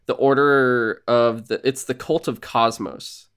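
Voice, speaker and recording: A man co-hosting a casual podcast, recapping a video game and acting out character lines in quick put-on voices. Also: mid-range voice, steady tone, a bit bright, clean tone. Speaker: podcast co-host. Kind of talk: casual chat.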